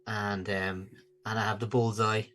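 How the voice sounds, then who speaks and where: A middle-aged Irish man with an Irish accent telling a family anecdote in casual chat, unhurried. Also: lowish voice, flat delivery, a bit bright. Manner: unhurried storytelling.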